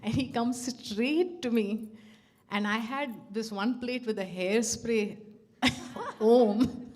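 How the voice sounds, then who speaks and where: A middle-aged woman sharing a personal devotional story, animated and laughing as she acts out the dialogue. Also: fairly high pitch, takes it slowly. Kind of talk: personal testimony at a devotional gathering.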